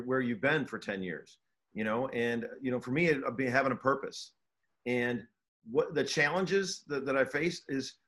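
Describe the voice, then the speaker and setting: An earnest middle-aged man talks casually in an interview, his voice sitting in an ordinary middle pitch. He often restarts sentences and repeats words as he works out what he means. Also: fairly bright tone. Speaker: college basketball coach.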